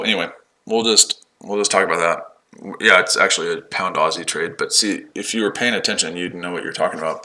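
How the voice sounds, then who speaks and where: Combative trading streamer, lowish forceful voice, mocking and sweary toward chat. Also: male voice, poor audio. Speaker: day-trading livestream host. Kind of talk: live-stream chat answering viewers. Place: his shed.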